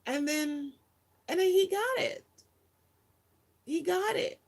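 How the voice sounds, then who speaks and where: A woman's voice: very high voice, expressive, takes it slowly, creaky. A woman volunteer telling a personal story in a casual, chatty way, with lots of fillers. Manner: chatty, many fillers, acts out quotes.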